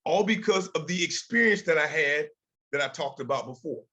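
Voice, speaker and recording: Older man, somewhat high-pitched voice, storytelling speaker style, voices quoted dialogue. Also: expressive, normal speed, pushed and bright, lo-fi sound. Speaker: guest speaker. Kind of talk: motivational talk with slides.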